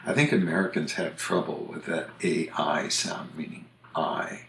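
Deep gravelly man in a roomy echo. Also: moderate pace. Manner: relaxed, explanatory, listing examples one by one. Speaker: podcast host discussing language usage. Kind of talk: casual conversational podcast.

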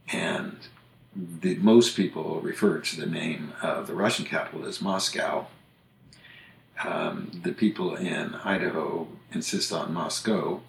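A man with a low, gravelly voice talks through examples one after another in an easygoing podcast chat. His voice carries a noticeable room echo around it. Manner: relaxed, explanatory, listing examples one by one. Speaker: podcast host discussing language usage. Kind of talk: casual conversational podcast. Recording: roomy echo.

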